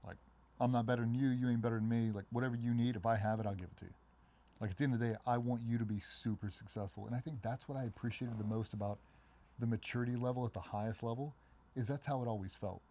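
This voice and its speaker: A middle-aged man, a former special operations member, telling stories in a casual interview and acting out other people's voices in a much higher pitch. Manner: fast, animated storytelling, acts out quoted voices much higher. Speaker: guest, former Navy SEAL.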